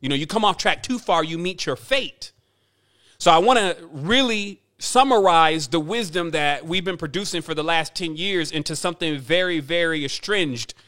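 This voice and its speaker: A man's voice: a little high, moderate pace, bright, forceful tone. A man giving a rambling spiritual monologue as a teacher, talking emphatically and repeating himself for effect.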